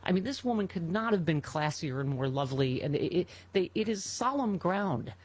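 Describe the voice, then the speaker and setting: A middle-aged woman hosts a talk radio show, her husky voice swinging widely in pitch as she tells stories. She sits a little low for a woman and sounds emotional and chatty. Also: brisk. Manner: animated, emotional storytelling. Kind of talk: casual talk radio chat.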